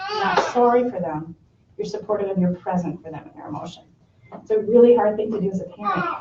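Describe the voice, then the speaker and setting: A woman's voice: medium pitch, mellow, slight background noise. A middle-aged woman leading a parenting workshop, talking conversationally to a class of parents. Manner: conversational, with brief acted parent and child quotes. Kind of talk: casual talk to a class of parents. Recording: roomy, distant, muffled room recording.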